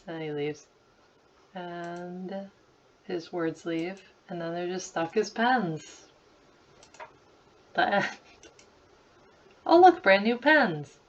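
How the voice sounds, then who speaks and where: A woman around thirty talks in a lowish voice, loose and chatty, with giggles and a steady stream of "like" fillers. This is casual screen-recording commentary captured on a computer mic. The sound is slightly muffled and lo-fi. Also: slow, long pauses, far from the mic, a little hiss or hum. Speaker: creator revisiting her childhood slideshows.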